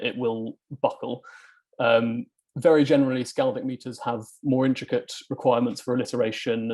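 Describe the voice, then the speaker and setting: Man, academic presenter, flat steady pitch, halting with fillers. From England. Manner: hesitant, many ums and uhs. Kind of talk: academic talk to a reading group.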